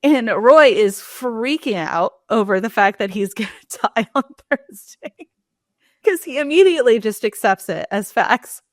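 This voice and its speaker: A woman co-hosting a podcast, retelling scenes in casual chat and jumping up in pitch when she acts out quoted lines. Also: expressive, moderate pace, few pauses, no room sound, studio quality. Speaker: podcast co-host.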